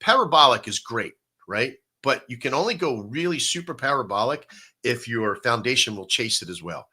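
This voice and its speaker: A man hosting a casual live-stream chat, explaining in an animated way and often asking "right?". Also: medium pitch, moderate pace, slightly rough.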